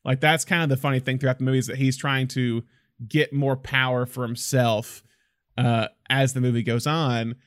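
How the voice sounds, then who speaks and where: A man's voice: medium pitch, little pitch movement, normal speed, a bit bright, no room sound, studio quality. Enthusiastic man in casual film chat. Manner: enthusiastic, acts out film quotes.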